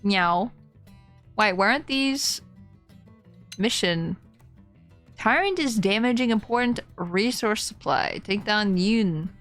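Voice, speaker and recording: A young woman streaming a video game, chatting casually with her viewers, excitable and giggly as she reacts to what happens on screen. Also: medium pitch, slow, pauses often, soft background music. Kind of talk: casual gameplay commentary.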